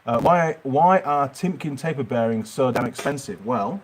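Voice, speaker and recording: A man's voice: mid-range voice, lively intonation, moderate pace. Chatty middle-aged Yorkshireman streaming. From Yorkshire, England. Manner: chatty, rambling, answers viewer questions. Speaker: mechanic channel host. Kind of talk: livestream Q&A chat. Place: workshop.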